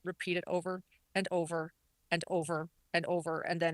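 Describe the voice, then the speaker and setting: A woman's voice: on the low side, flat delivery, normal speed, a bit bright, dry recording. A woman commentator recapping a court hearing in an earnest, repetitive way, often restarting her sentences. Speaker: online commentator.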